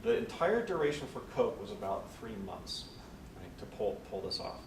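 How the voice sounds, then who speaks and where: A man's voice: fairly low pitch, moderate pace. A man leading a conference session, telling a work story and acting out the people in it. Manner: animated storyteller acting out quotes. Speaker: session leader. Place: conference room. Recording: echoey room from far off with noise.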